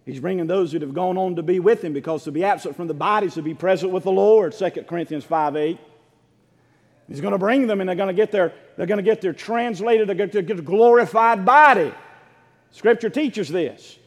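High-voiced fervent preacher in a reverberant hall. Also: male voice, brisk. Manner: fervent preaching that swells into shouts; calls for responses from the congregation. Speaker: pastor. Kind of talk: sermon. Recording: long reverb of a large hall.

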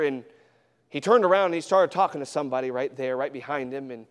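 A man preaching a sermon as a traveling missionary, swinging from hushed storytelling to loud, fervent exhortation in a church. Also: medium pitch, fast, long reverb tail. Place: church sanctuary.

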